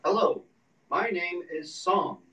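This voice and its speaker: Reader as language app computer voice, slow, even, mid pitch, distant roomy sound. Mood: flat. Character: computer voice reading English phrases. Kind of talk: screenplay reading. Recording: echoey room, distant mic, dull.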